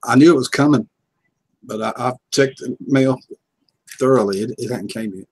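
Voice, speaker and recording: A man's voice: mid-range voice, normal speed, a little mellow, husky. A man joining a livestream, chatting in an easygoing, folksy way. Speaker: livestream participant. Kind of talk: casual chat.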